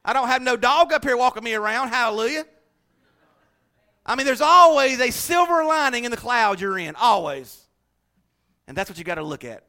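A middle-aged male pastor preaching a sermon, swinging between shouted refrains and hushed, low passages. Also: sing-song, moderate pace, long pauses.

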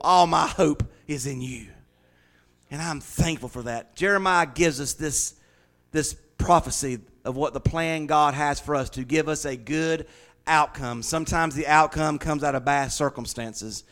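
A man preaching a sermon as pastor, swinging from loud, rising declarations to hushed, confiding stories. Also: fairly high pitch, unhurried.

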